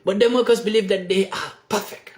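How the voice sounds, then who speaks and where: A man's voice: sits high, steady tone, roomy sound. A man from Africa giving a seated, impassioned monologue to the camera, emphatic and repetitive. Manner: emphatic and repetitive, preaching slowly. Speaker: video blogger. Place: seated indoors.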